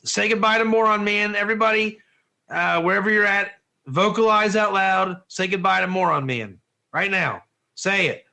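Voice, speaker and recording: Bright, high-voiced male teacher, animated and joking, keeps quizzing his class. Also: normal speed, creaky. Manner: animated, asks the class questions, often says "one or two", laughs at own jokes. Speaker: Torah teacher. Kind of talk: lively online class lecture.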